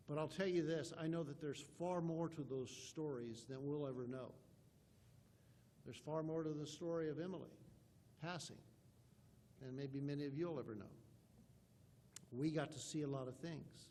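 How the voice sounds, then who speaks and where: A man's voice: fairly high pitch, moderate pace, a little mellow, a little hiss or hum. A man, a pastor, preaching an emphatic sermon and reading scripture aloud in old-fashioned wording from a church sanctuary.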